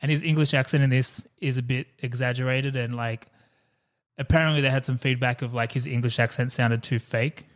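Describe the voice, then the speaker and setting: This podcast co-host has a mid-range, steady, brisk voice. He chats casually and enthusiastically about a movie, laughing often and swearing in an offhand way.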